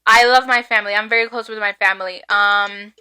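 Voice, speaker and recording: A young woman co-hosting a podcast, chatting casually in a loud, giggly, chaotic way. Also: mid-range voice, steady tone, fairly quick, smooth. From Hispanic background. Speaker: podcast co-host. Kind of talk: casual chat.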